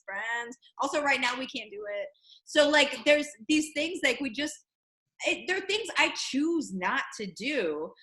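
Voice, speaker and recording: A woman hosting a casual chat, talking in an animated, emphatic way with lots of fillers. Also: sits high, reverberant, poor audio. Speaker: host.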